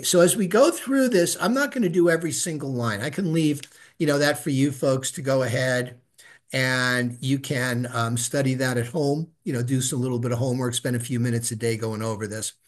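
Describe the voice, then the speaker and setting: A middle-aged man teaching a Hebrew reading class, patiently saying each sound and having the students repeat it. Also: mid-range voice. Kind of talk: live class instruction.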